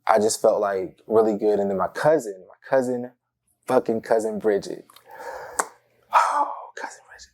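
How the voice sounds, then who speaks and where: Mellow-voiced man telling animated stories. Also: on the low side, moderate pace. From Tampa, Florida. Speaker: interview guest. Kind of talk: casual personal storytelling.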